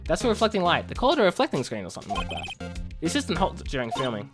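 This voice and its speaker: A woman's voice: low-pitched, huge pitch swings, rapid-fire, over music. A woman voicing a dry, wary young male lawyer in a game.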